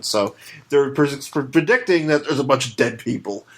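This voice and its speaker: A man's voice: mid-range voice, animated, normal speed, a bit bright. A man co-hosting a comic book podcast in casual chat, joking and laughing as he acts out lines from the comics. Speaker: podcast co-host.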